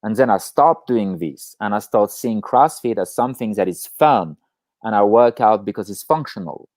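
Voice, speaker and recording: A man co-hosting a casual chat on a video call, talking in an animated way, swearing freely and acting out inner voices. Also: fairly low pitch, moderate pace, dry recording. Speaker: podcast co-host.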